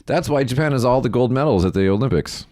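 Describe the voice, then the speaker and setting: A man's voice: medium pitch, expressive, quick pace, warm tone, no echo, clean studio sound. A man co-hosting a podcast, chatting casually about news, blunt and sarcastic, and he swears freely. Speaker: podcast co-host.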